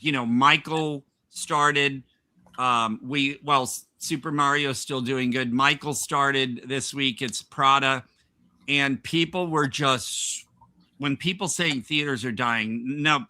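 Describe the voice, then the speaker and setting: A man hosting a podcast, telling a work anecdote in casual, animated chat and laughing between lines. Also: medium pitch. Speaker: podcast host.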